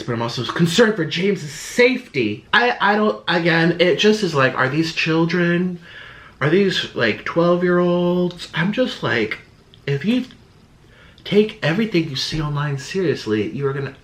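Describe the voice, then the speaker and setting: Exasperated man ranting in a roomy echo. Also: medium pitch. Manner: exasperated, defensive, sarcastic; animated, swinging between loud outbursts and muttering. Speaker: YouTuber. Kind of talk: reaction vlog rant.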